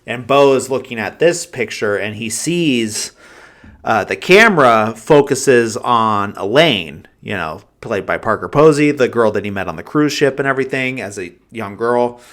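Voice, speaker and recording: A man hosting a podcast, recapping a film in a rambling, casual way, full of fillers and quick chuckles. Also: mid-range voice. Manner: rambling, heavy use of "like" and fillers; animated retelling of scenes, chuckling. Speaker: podcast host. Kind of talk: casual film review chat.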